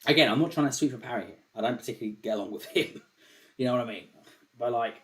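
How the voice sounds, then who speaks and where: A man's voice: medium pitch, rapid-fire, a bit bright. A man hosting a casual call-in show, talking loosely and swearing often, with a habit of repeating himself. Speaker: show host.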